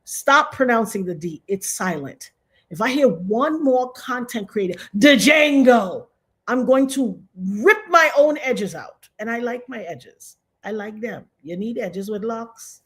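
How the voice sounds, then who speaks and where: A woman's voice: fairly high pitch, expressive, unhurried, a bit bright. An American woman doing casual commentary, emphatic and repetitive, with sudden outbursts. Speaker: commentary vlogger.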